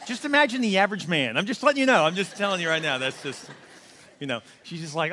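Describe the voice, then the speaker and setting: A man with a high voice preaches like he is chatting with the congregation, tossing in "right?" and playing out both sides of small arguments. The sound hangs in a reverberant hall. It comes across as a live church sermon. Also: rapid-fire. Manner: conversational, animated preaching with repeated "right?" and acted-out quotes. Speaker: pastor.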